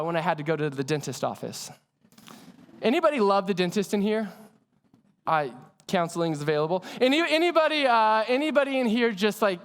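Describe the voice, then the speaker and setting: A man preaching a sermon as pastor, telling lively stories and asking the audience questions. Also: high-pitched, clear, resonant tone. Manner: energetic storytelling with audience questions. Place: church hall. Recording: long hall reverb.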